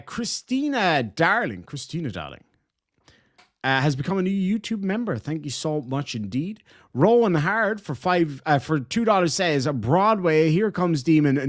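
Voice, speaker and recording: A man casually reading out super chats on a livestream, animated and full of swearing and quick thank-yous. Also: fairly high pitch. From Ireland.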